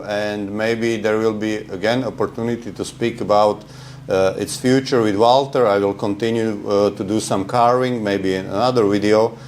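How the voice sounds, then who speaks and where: A man's voice: mid-range voice, slight background noise. A man hosting a bonsai channel, speaking hesitantly with many fillers. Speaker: channel host. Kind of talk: casual wrap-up.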